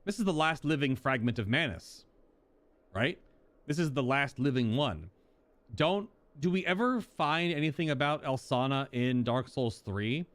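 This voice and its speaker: A man hosting a casual gameplay commentary, thinking out loud and bursting into exclamations. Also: medium pitch, animated, a little slow. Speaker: gaming host.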